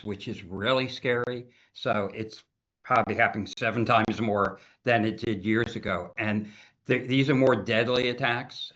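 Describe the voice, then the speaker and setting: A man speaking as a cybersecurity consultant guest in a casual interview, talking in an animated, emphatic way and often repeating words. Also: medium pitch. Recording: dull lo-fi audio.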